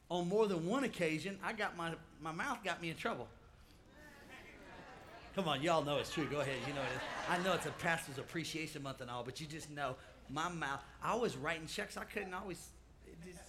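A man preaching a comic storytelling sermon, animated and calling out to his congregation. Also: a little high, a little hiss or hum. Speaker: pastor.

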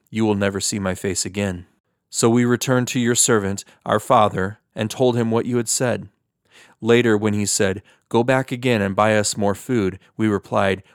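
A man's voice: lowish voice, dry recording, clean studio sound, lightly acted. A man reading the part of a humble, desperate older brother pleading with a ruler. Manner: earnest, pleading.

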